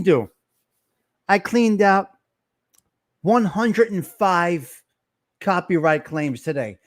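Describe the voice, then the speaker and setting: Loud, fired-up man hosting a livestream. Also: high voice. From Italian-American. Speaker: livestream host. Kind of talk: casual livestream chat.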